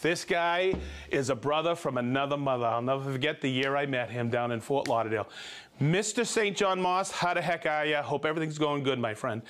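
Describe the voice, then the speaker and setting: A man hosting a livestream, reading out viewer shout-outs in a playful, jokey way and laughing easily. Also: medium pitch, animated, a little fast. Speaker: host.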